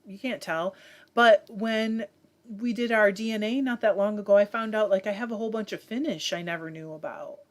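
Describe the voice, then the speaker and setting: A woman's voice: mid-range voice, normal speed. A woman from Michigan hosting a casual livestream, chatting and reading viewer comments aloud with many fillers. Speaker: livestream host reading chat. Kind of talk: casual chat.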